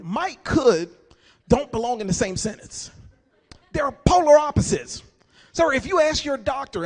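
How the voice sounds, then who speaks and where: A stand-up comedian in his forties with a strikingly high voice for a man. He tells his stories with animation, slipping in and out of the characters he describes. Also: moderate pace. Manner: animated storytelling, acting out characters.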